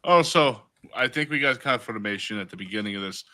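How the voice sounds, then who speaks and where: A man's voice: mid-range voice, lively intonation, fairly quick. A man hosting a podcast in casual chat, playful and often laughing, putting on an Irish accent. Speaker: podcast host.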